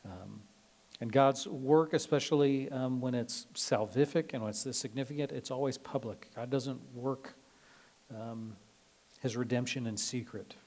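A man's voice: medium pitch, a little slow, darkish tone. A male pastor giving a casual, conversational sermon, full of fillers and dramatized quotes. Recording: long reverb of a large hall.

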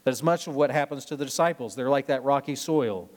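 A man from Nebraska, a pastor preaching a sermon in a conversational way, mixing scripture with personal anecdotes and lively storytelling. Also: medium pitch, fairly quick. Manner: lively storytelling, rising when retelling drama.

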